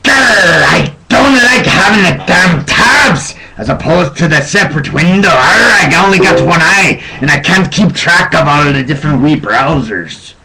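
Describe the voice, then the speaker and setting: A man putting on the voice of a gruff one-eyed male pirate, loud and growling. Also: a little high, animated, a little slow, hardly any pauses, a loud crowd, pitched above the performer's own voice, rough recording. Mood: grumpy.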